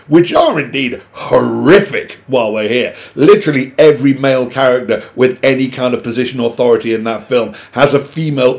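A middle-aged man, talking to camera in an exasperated, sweary rant with sudden loud outbursts. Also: a little high. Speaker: vlogger. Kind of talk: opinionated monologue to camera.

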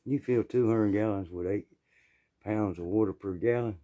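Folksy Southern man, mellow low voice. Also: moderate pace. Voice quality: frequent throat-clearing. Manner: folksy, rambling, plainspoken. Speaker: storyteller. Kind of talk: casual storytelling.

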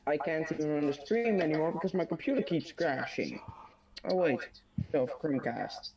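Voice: mid-range voice, lively intonation, normal speed, a crowd in the background. A co-host on a live stream chatting casually and teasing the host. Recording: distant voice with light noise.

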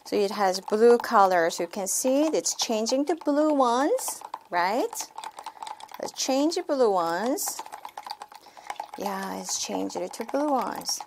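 Woman teacher, slow deliberate pace, lively up-and-down pitch, repeats words. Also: slight background noise. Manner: slow, sing-song classroom talk with repeated words. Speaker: teacher demonstrating a class. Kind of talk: sample lesson for teachers.

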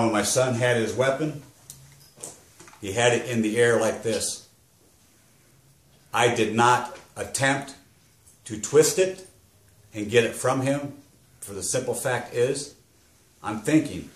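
A middle-aged man giving a personal testimony as a grieving father, halting and rambling, struggling to hold back emotion. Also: medium pitch. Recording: roomy echo.

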